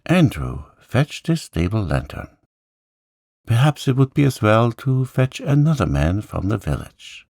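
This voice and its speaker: A man's voice: medium pitch, big pitch swings, unhurried, gravelly, a little mellow, no echo, studio quality, pitched above the performer's own voice, heavily acted. A man doing a fussy, alarmed old vicar. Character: excitable old male village vicar.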